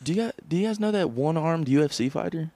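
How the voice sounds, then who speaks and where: A man's voice: a little high, animated, fast talker, mellow, dry recording. A young man co-hosting a podcast, rambling with fillers, swearing and laughing. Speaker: podcast co-host. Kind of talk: casual chat. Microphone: podcast microphone.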